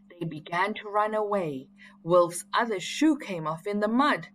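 A woman reading a children's story aloud in a clear, expressive way. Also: mid-range voice, a little slow, slight background noise.

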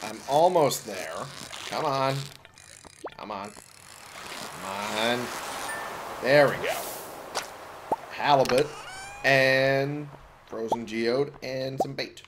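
A man muttering casual commentary to himself while playing a game, now and then breaking into sudden excited yelps. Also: medium pitch, extremely slow, long pauses. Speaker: let's play gamer. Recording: noisy home recording.

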